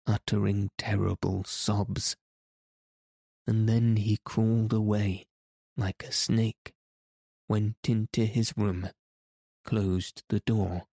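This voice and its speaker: Slow, deep-voiced male audiobook narrator. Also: creaky, dark tone, slightly rough, no room sound, clean studio sound.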